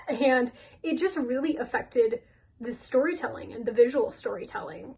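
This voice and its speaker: A woman's voice: high-pitched, poor audio. A woman giving a casual rant vlog, blunt and sweary, often laughing. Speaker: YouTuber.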